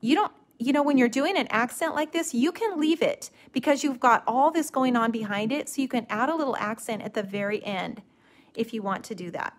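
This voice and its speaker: A middle-aged woman leads a live craft demonstration, her voice pitched a little above the usual. She talks in an easy, patient way and often circles back to restart a phrase. She sounds like she is walking viewers through each step. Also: brisk, slight background noise. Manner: relaxed, gently instructive, with frequent restarts. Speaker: watercolor stamping instructor.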